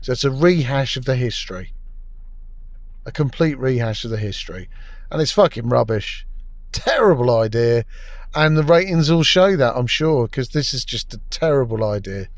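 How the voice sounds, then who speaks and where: A man's voice: mid-range voice, animated, moderate pace, dry recording. A man giving a scornful, crude, exasperated review of a TV episode. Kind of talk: ranting review commentary.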